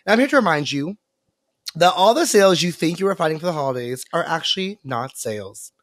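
Dramatic, slangy man co-host, a touch high, dry sound. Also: expressive, a little fast, no room sound. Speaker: podcast co-host. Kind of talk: casual chat.

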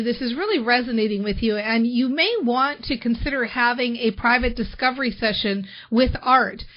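Upbeat woman host, fairly high voice, lots of "like", slightly muffled audio. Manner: enthusiastic, lots of "like" and "you know". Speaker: podcast host. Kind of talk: casual interview chat.

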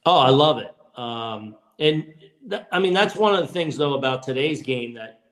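A man in his fifties, a baseball manager and guest, telling stories in relaxed podcast chat, with frequent restarts. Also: mid-range voice, normal speed. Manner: relaxed, many restarts and "you know"s. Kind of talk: casual podcast storytelling.

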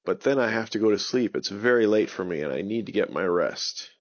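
A man's voice: lowish voice, expressive, fairly quick, no echo, muffled recording, natural voice. A man voicing a giant, friendly male owl who speaks politely and earnestly.

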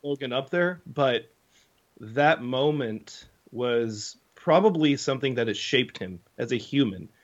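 A young man tells a long camp story on a podcast, loose and animated, full of "like" and "kind of." His voice sits in an ordinary middle register. The recording sounds a little dull and lo-fi. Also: mid-range voice, unhurried. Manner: animated storyteller, many fillers and acted quotes. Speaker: podcast co-host. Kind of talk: casual storytelling chat.

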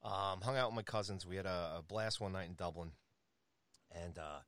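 A man's voice: deep voice, moderate pace, fairly bright tone, no echo, studio quality. A man from New York telling rambling, chuckling anecdotes in casual conversation, with many restarts.

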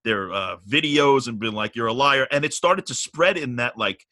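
A middle-aged man casually telling a long story on a podcast, animated and profane, getting riled up as he goes. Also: medium pitch, moderate pace, dry recording.

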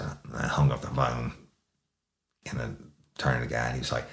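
A man's voice: a bass voice, completely flat delivery, fairly quick, vocal fry, pauses often, a bit bright, echoey room. A man who is a former police sergeant, telling a true-crime story in a blunt, profane, conversational way as a podcast host.

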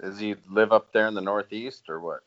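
A man's voice: on the low side, fairly even intonation, fairly quick, fairly bright tone, no echo. A man co-hosting a casual podcast, joking and playful. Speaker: podcast co-host. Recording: dry lo-fi audio.

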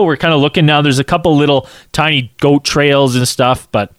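Guy telling a story all animated, acting out the quotes, kinda high voice, dry mic. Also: fairly quick, no room sound. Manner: animated, acts out quotes, says "like" a lot. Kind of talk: casual anecdote telling.

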